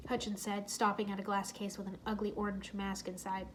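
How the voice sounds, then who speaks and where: A woman narrating a children's storybook aloud in a soft, steady way. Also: medium pitch, fairly quick, few pauses, slight background noise.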